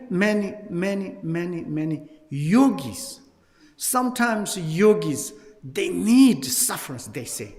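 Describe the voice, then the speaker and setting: A Buddhist teacher speaks at a retreat with a high, light voice and a slow, deliberate pace. His English is halting and full of restarts, and he leans on repeated words for emphasis. A long reverb from the hall trails each phrase. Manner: halting non-native English, many fillers and restarts.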